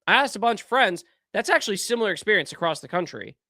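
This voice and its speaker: A young man hosting a podcast, giving casual political commentary in an animated, incredulous way that keeps trailing off and restarting. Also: sits high, fast, no echo, studio quality. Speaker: podcast host.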